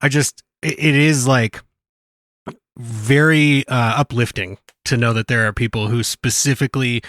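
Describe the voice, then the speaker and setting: Earnest guy co-hosting a podcast, gets excited, keeps restarting sentences, dry mic. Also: mid-range voice, a little slow, no room sound. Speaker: podcast co-host. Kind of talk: casual podcast chat.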